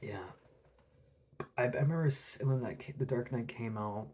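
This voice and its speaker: A man's voice: medium pitch, a little fast, darkish tone, slight background noise. A man hosting his podcast in a casual, rambling monologue with frequent restarts. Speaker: podcast host.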